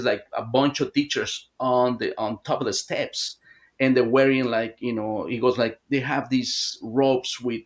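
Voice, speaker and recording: A man guesting on an interview, telling a long story in a halting, rambling way with many restarts. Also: medium pitch. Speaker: hypnotherapist guest.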